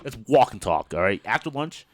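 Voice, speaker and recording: A man's voice: medium pitch, sing-song, a little fast, no room sound. A young man hosting a podcast, telling school stories casually, swearing freely and laughing often. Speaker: podcast host. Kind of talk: casual storytelling chat.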